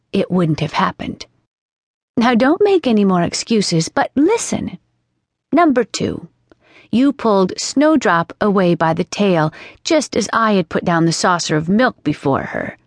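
A woman's voice: mid-range voice, no echo. A woman voicing a chatty, imaginative young girl in an audiobook, earnest and lilting. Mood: scolding. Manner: earnest, scolding and dreamy by turns, lilting. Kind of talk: audiobook character reading. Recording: dry studio sound.

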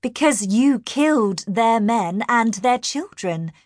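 A woman's voice: a little high, expressive, takes it slowly, darkish tone, no room sound, studio quality, voice pushed up. A woman narrator voicing a confident young woman warrior who speaks firmly and questions sharply. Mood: commanding. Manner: firm, questioning.

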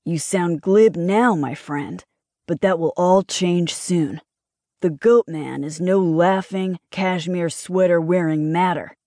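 A woman voicing a fearless, thrill-seeking young man in an audiobook, talking in a hushed, conspiratorial way. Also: on the low side, takes it slowly, no echo, clean studio sound. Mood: ominous. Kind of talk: audiobook character voice.

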